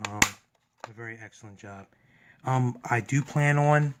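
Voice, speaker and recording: A man's voice: mid-range voice, normal speed, very noisy. Gushing man unboxing a retro console. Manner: enthusiastic, gushing. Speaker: gaming channel host. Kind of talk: casual unboxing commentary.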